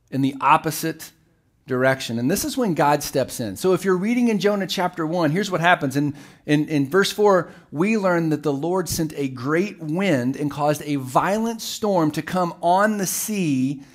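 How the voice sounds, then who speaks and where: Animated middle-aged male pastor preaching. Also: on the high side, normal speed. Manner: animated storytelling, acts out the voices of the people in the story. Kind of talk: sermon.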